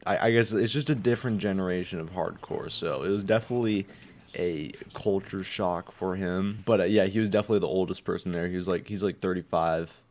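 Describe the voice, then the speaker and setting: A man's voice: deep voice, brisk, darkish tone, slight background noise. A young man who just woke up, chatting casually and rambling with lots of fillers and swearing. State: just woken up. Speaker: vlogger. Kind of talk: casual chat.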